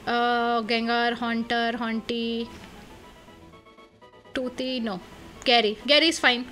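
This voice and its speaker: A woman playing a video game and chatting casually over it, excitable and thinking aloud with lots of fillers. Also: fairly high pitch, slow pace, soft background music. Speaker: let's play gamer.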